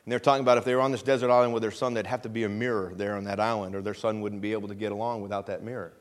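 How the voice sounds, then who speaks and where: A middle-aged man preaching a conversational sermon in a church, often checking in with the congregation and slowing down to stress scripture. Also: fairly low pitch, steady tone. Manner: conversational preaching with frequent call-and-response checks; slows down to stress scripture phrases. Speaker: pastor. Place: church sanctuary.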